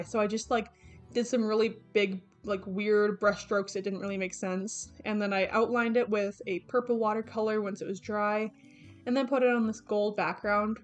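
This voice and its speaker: A young artist vlogger speaks at a moderate pace in a steady, medium-pitched voice. Flipping through her sketchbook, she rambles casually, full of fillers and self-corrections, over faint background game music.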